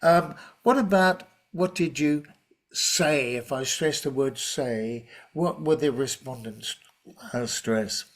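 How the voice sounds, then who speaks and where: A man running an online teaching workshop over a video call, easygoing and chatty. His voice sits at an ordinary middle pitch, and he often stops to restart a sentence with "uh" and "um". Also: slow pace. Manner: relaxed, chatty, with many fillers and restarts. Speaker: teacher trainer presenting a webinar.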